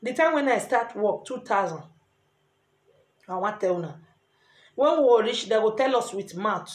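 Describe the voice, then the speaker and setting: A middle-aged woman with a Nigerian Pidgin English accent, earnestly giving lively advice in a casual vlog. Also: mid-range voice, moderate pace. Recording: echoey room.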